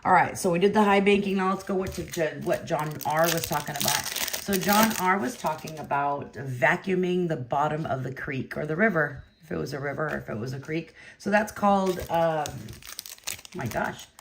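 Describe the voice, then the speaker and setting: A woman's voice: low voice, moderate pace, noisy background. A woman hosting a trading card break, chatting casually, laughing often and talking to viewers by name. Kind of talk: casual chat while opening cards.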